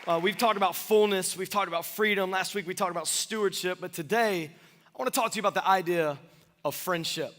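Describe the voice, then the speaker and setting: Thirties guy preaching, high bright voice, lots of jokes with the crowd, big echoey church hall. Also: brisk. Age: 30s. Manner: energetic, joking with the congregation. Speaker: pastor. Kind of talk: sermon. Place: church sanctuary. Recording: long church hall reverb.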